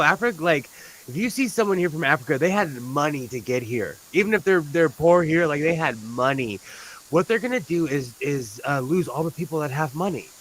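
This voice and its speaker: A man's voice: a little high, a bit bright, low-quality recording. A man from California chatting casually on a live stream, rambling through stories and laughing often. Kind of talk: casual chat.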